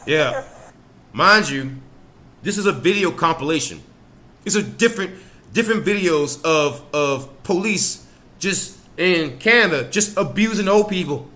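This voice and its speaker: A man's voice: fairly high pitch, expressive, measured pace, sharp tone. A man hosting a podcast, reacting to videos with angry, profane, stammering commentary. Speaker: podcast host.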